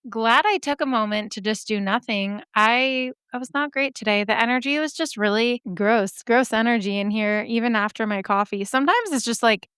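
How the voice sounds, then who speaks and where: A woman's voice: on the high side, moderate pace, hardly any pauses, a bit bright, clean tone, dry recording, clean studio sound. A young woman hosting a podcast, chatting casually in a gushing way that swears freely, her voice a little scratchy today. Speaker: podcast host. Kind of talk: casual chat.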